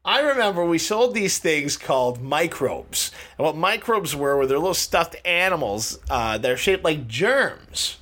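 A man with a high, bright voice tells teasing stories in a casual chat with a friend. His pitch swoops around widely as he talks. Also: a little slow, few pauses. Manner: animated storyteller, teasing.

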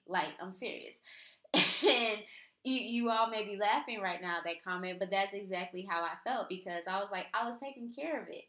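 A woman's voice: on the low side, fairly bright tone. A woman casually recounting an everyday story in a chatty, exasperated way, with lots of fillers. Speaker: vlogger. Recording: roomy echo.

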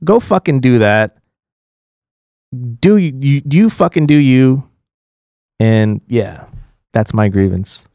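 A man's voice: medium pitch, animated, slow, creaky, long pauses, warm tone, no room sound, clean studio sound. Heated, profane podcast co-host man. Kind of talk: casual podcast chat.

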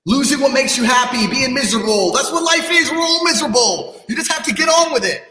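A kickboxing champion appearing as a podcast guest rants bluntly, brash and profane, bragging about himself. His very high male voice is animated, quick, pushed and bright. The room is echoey with long reverb.

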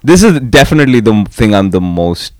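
Low, lively self-mocking man. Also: a little fast, no room sound. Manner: self-mocking, swears often, laughs a lot. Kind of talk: casual chat.

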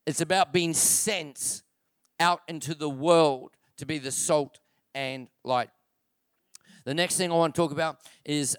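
A man preaching in church with a smooth, resonant voice set a little above the usual male range. He hammers key phrases twice and challenges his listeners with direct questions. The sound is close and dry, with hardly any room around it. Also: fairly high pitch, no echo. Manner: emphatic preaching, repeats key phrases for stress; rhetorical questions with calls to the congregation. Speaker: pastor. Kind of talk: sermon.

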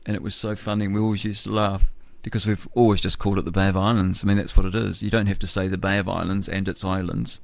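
A man's voice: sits low, fairly even intonation, fast talker, gravelly, hardly any pauses, no echo. Folksy, rambling New Zealand radio man. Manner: folksy, chuckling, meandering. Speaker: radio host. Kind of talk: rambling morning radio chat.

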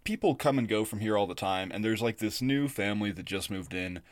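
A young man with a low voice co-hosts a podcast and spins a loose, rambling story full of "like" and "um". The sound is close and dry, with no room around it. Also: a little fast, no room sound. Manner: rambling, filler-heavy storyteller. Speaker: podcast co-host. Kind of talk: casual chat, storytelling.

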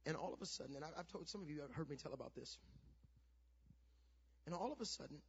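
A middle-aged pastor telling a family story in a sermon, building from quiet storytelling to shouted preaching. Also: male voice, on the high side, lively intonation, fast talker, creaky, breathy edge. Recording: dull lo-fi sound.

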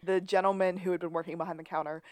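A woman's voice: fairly low pitch, little pitch movement, rapid-fire, a little mellow, no room sound. A woman co-hosting a TV recap podcast, retelling scenes in a chatty way and laughing often. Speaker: podcast co-host. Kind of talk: casual recap chat.

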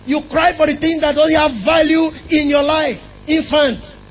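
High-voiced preacher giving a sermon. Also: male voice, steady tone, unhurried, poor audio. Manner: emphatic, asks the congregation questions.

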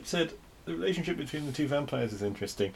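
A man, co-hosting a casual film discussion, measured and thoughtful, hedging his points. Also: a little high, expressive, creaky, a little mellow, a little hiss or hum. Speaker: podcast co-host.

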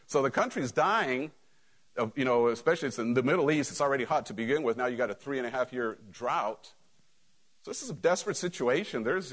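A man's voice: medium pitch, a bit bright. A middle-aged male pastor preaching a sermon, telling a Bible story in a casual, sarcastic way.

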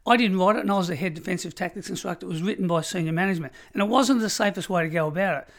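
Australian man, middle-aged, former prison officer, emphatic measured storytelling, interview guest. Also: high-pitched.

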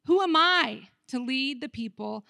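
An American woman pastor preaching a sermon, talking conversationally to the room and acting out dialogue with lively shifts in her voice. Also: high-pitched, measured pace, vocal fry, dry recording, clean studio sound. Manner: animated, acts out dialogue with her voice; conversational, asks the room questions.

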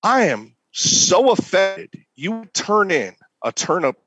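A man's voice: mid-range voice, animated, a little slow, fairly bright tone, dry recording, muffled recording. A man imitating a slightly drunk male chef who is offended by a dish.

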